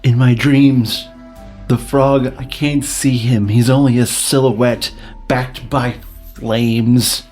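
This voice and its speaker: A man's voice: mid-range voice, fairly even intonation, takes it slowly, a little mellow, soft background music, lightly acted. A man voicing a superstitious, blustering male warrior in a tabletop game, speaking dramatically and ominously. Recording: roomy echoey sound.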